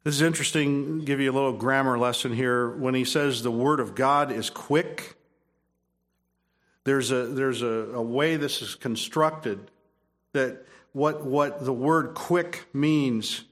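A man's voice: mid-range voice, slow, a bit bright. A man preaching a sermon, emphatic, repeating phrases and restarting his sentences. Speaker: pastor.

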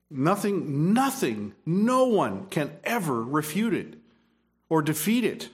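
A man's voice: fairly high pitch, sing-song, slow pace. A man preaching a sermon, emphatic, repeating phrases and restarting his sentences. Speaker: pastor.

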